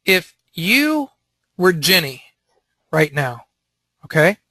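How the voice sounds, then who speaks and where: A man leads a Christian teaching session, animated and quick to act out what people might say. His voice is bright and a little high, and the sound is dry and close. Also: no room sound. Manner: animated, acts out quotes. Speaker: teacher leading a panel.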